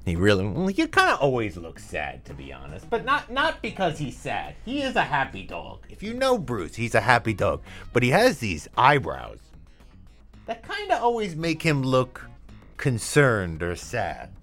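In a studio, a male radio host rambles through a playful late-night chat and talks to his dog between songs. His mid-range voice swings hugely in pitch at a normal speed, with a fairly bright tone over soft background music. The studio mic sits too far away and adds an echo.

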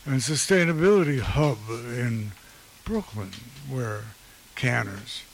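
A radio co-host putting on a measured public-radio announcer voice, lower and slower than his usual talk. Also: slight background noise, low-quality recording. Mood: solemn.

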